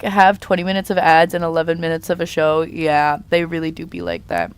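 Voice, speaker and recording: A woman's voice: fairly low pitch, flat delivery, brisk, clear, resonant tone. A young woman chatting casually on a live stream while she draws, playfully reading and answering chat messages. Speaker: art streamer.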